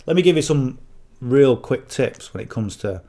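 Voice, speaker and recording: A man's voice: medium pitch, lively intonation, moderate pace, warm tone. A middle-aged man with a northern English accent giving rambling coaching to camera, checking in with "okay?" and "you know" as he goes. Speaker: affiliate marketing coach. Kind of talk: casual talk to camera.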